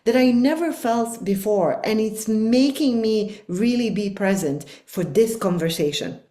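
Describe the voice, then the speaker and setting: A woman's voice: on the high side, measured pace, mellow, roomy sound. A middle-aged woman speaking as a life coach guest on a podcast, talking in an earnest, reflective and emphatic way. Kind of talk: podcast conversation.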